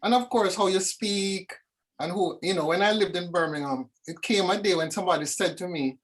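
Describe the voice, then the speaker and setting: A woman from Jamaica, speaking reflectively as a guest over a video call, animated and storytelling. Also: lowish voice, fairly quick, slightly rough. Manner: animated, lively storyteller with dramatic asides. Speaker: discussion guest. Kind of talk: reflective conversation.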